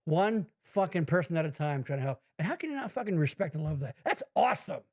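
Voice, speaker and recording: A man's voice: fairly high pitch, animated, fast, darkish tone. A man hosting a podcast in casual chat, rambling and swearing freely, laughing often. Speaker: podcast host.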